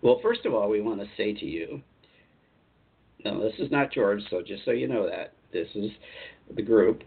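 A man channeling a calm collective of spirit teachers, speaking in a measured, explanatory way. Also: lowish voice, creaky, breathy edge, heavily acted. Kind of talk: channeled message. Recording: tinny phone-line sound.

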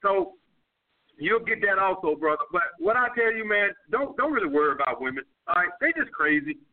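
Sing-song and brisk, this high-voiced dating coach with a New York accent fields viewer questions, offering frank, profane guidance in laid-back street slang. It all sounds tinny, as if recorded over a phone.

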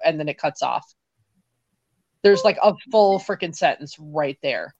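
A woman co-hosting a paranormal chat show, retelling what she heard with excitement. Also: fairly low pitch, moderate pace, muffled recording. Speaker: podcast co-host. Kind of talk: casual chat.

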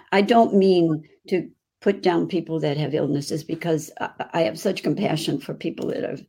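Older chicago lady, raspy gravelly voice, kinda low, talks a lot and gushes. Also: dark tone. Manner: effusive, chatty, restarts often. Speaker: guest. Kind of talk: casual interview chat.

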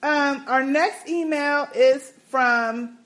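A woman co-hosting a casual podcast, reading listener emails with sassy, animated asides. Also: high voice, extremely slow. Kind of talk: casual chat.

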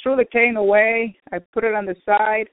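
A woman's voice: a little high, flat delivery, moderate pace, no echo. A woman giving an earnest personal faith testimony on a radio program, repeating herself and calling out to her brothers and sisters. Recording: tinny phone line, dry.

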